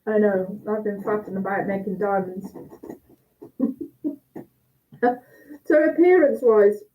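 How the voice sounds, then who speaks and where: A woman's voice: medium pitch, slow pace, slight background noise. A woman judging cheese over a video call, chatty and thinking aloud as she tastes and cuts. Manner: chatty, thinks aloud while tasting and cutting. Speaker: cheese judge. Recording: tinny phone-like call audio.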